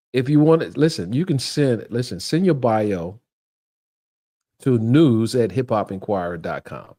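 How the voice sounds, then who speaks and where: A middle-aged man hosting a livestream, ranting in a mocking, animated way with frequent laughter and repeated phrases. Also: on the low side. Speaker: livestream host. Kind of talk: casual livestream rant.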